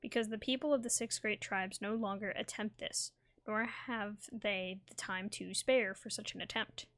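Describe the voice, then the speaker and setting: A courteous, formal male scholar, read aloud by a woman in her own everyday voice. His speech is careful and apologetic, with measured pauses. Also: medium pitch, steady tone, a bit bright, lightly acted. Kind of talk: reading game dialogue aloud.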